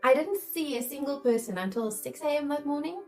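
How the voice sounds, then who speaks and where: A midwife in her thirties tells the camera her own birth story, candid and emotional, acting out the worried thoughts she had. Her high, expressive voice runs fairly quick. Faint music sits behind her on a low-quality recording.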